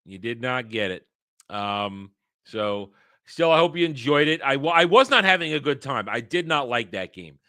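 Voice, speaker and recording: A man's voice: mid-range voice, very animated, moderate pace, bright, forceful tone, dry recording, clean studio sound. A man hosting his own livestream who talks bluntly and rambles, swears freely and often restarts his sentences. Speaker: livestream host. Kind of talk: casual livestream talk.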